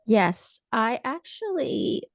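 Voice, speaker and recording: A woman's voice: fairly high pitch, sing-song, takes it slowly, no echo. A woman therapist talking in an earnest, reassuring way in a casual chat.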